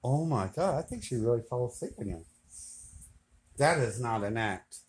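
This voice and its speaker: A man in his forties filming at home, laughing hard, swearing and talking loudly in casual chat. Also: mid-range voice, sing-song, moderate pace, long pauses. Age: 40s.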